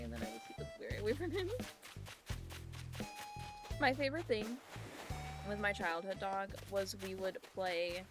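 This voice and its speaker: A woman livestreaming, chatting casually with her viewers as she plays, giggling often and swearing offhandedly. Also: mid-range voice. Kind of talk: casual chat while playing a game. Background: game music.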